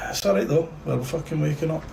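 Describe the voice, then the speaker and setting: A man with a Scottish accent on a live show. He delivers an angry political rant, swearing heavily, loud and defiant. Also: a little high, gravelly. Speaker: guest or caller. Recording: noisy background.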